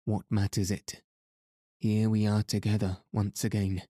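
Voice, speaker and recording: A young woman from an old storybook who has been in disguise as a boy, devoted and earnest, read by a man. The voice stays low and level, close and dry. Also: little pitch movement, a little slow, dark tone, no room sound. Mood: tender. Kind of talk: audiobook reading.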